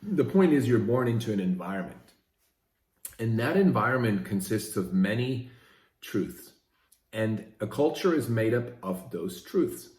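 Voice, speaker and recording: A man's voice: lowish voice, very animated, a little slow, a little mellow. Swiss-born man vlogging in a roomy space. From Switzerland. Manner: conversational, often asks "right?". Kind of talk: casual motivational talk to camera.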